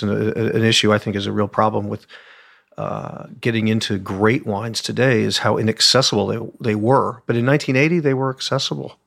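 A man's voice: fairly low pitch, creaky, no echo, clean studio sound. A man from Oklahoma, a wine critic guest on an interview show, telling long, rambling stories full of asides. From Oklahoma, USA. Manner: rambling storyteller with many asides. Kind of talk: conversational interview.

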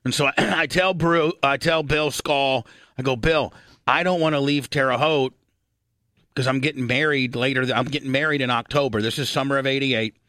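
A middle-aged man from Indiana hosting a radio talk show, telling a long story, swearing freely and clearing his throat often. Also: mid-range voice, steady tone, normal speed, sharp tone, no room sound, studio quality.

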